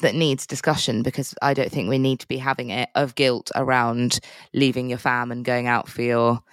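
Smooth-voiced woman with wry humour. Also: extremely low pitch, moderate pace, dry recording, studio quality. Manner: animated storyteller, wry humour. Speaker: podcast co-host. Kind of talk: casual chat. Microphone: remote recording setup.

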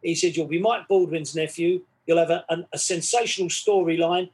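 A man's voice: on the high side, fairly even intonation, brisk, darkish tone. A man, chatting as a podcast guest and acting out both sides of old conversations. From England. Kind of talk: casual storytelling chat.

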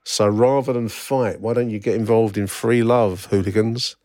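A man's voice: fairly low pitch, steady tone, normal speed, darkish tone, no echo, clean studio sound. A man hosting a solo football history podcast, wry and rambling, with many fillers and restarts as he reads out old newspaper reports. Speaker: podcast host.

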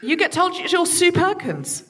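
A woman hosting a comedy podcast, reading show plugs and joking with her co-host in a brisk, playful way. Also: very high-pitched, very animated, crowd noise.

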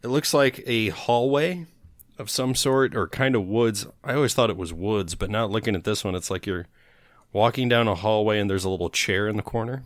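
Low-voiced man co-hosting a podcast. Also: normal speed, no room sound. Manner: joking, reads out beer labels. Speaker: podcast co-host. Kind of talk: casual chat.

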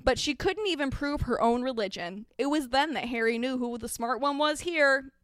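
A woman hosting a podcast, giving a mock-dramatic comedic reading with wry, deadpan asides. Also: high voice, moderate pace, no room sound, clean studio sound. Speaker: podcast host reading aloud.

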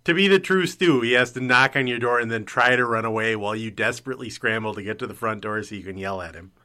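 A man's voice: mid-range voice, fast, sharp tone. A man co-hosting a casual sports podcast, amused and wry. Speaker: podcast co-host. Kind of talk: casual chat.

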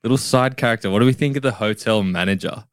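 Man, smooth clear low voice, dry close mic, casual film podcast. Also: quick pace, dry recording. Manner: raises points, asks the group questions. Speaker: podcast co-host.

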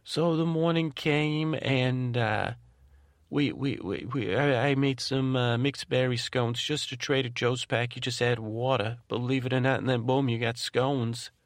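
Guy doing a sweet rambly dude, keeps repeating words and losing track, bit of fry, dry close sound. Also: mid-range voice, steady tone, a little slow, dry recording, natural voice. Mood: tender. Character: rambling, tenderhearted adult man named Ray. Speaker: podcast host in character. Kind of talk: rambling bedtime monologue.

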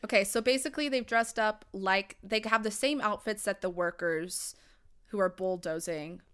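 A woman's voice: medium pitch, moderate pace, clean tone. A young woman co-hosting a podcast, animatedly recapping the plot in casual chat. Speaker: podcast co-host. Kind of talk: casual movie-watching chat.

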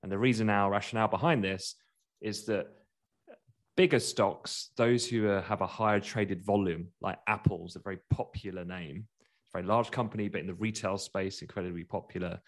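A man hosting a casual market chat, talking quickly and laughing as he goes. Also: lowish voice, fairly even intonation. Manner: chatty, laughs while talking, quick asides. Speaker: market commentator.

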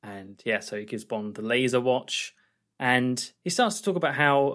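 A man's voice: mid-range voice, animated, normal speed, fairly bright tone. A man co-hosting a film podcast, recapping scenes in a loose, rambling chat. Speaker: podcast co-host. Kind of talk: casual film review chat.

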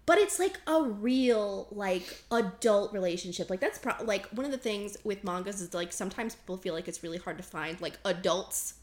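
A woman's voice: medium pitch, animated, normal speed, few pauses. A young woman co-hosting a podcast, chatting casually with lots of "like"s, restarts and laughter. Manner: rambling, many "like"s and restarts, laughs often. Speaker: podcast co-host. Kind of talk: casual chat.

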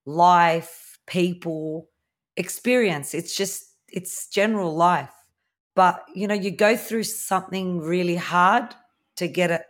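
A woman in her thirties with an Australian accent, a podcast guest candidly telling her own story in a conversational way. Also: sits low. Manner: candid, conversational, with fillers and quoted dialogue. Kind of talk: personal storytelling interview.

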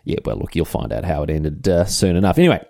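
A man's voice: sits low, lively intonation, fast, creaky, a little mellow, no echo, studio quality. A man hosting a comedic history podcast, telling the story with chatty, irreverent asides and casual swearing. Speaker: podcast host.

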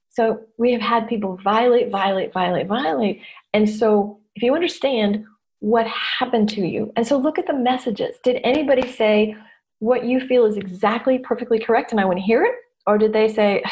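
A woman's voice: mid-range voice, moderate pace, darkish tone. A middle-aged woman, a therapist and teacher, talking candidly to an audience and acting out quoted voices. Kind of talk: talk to an audience.

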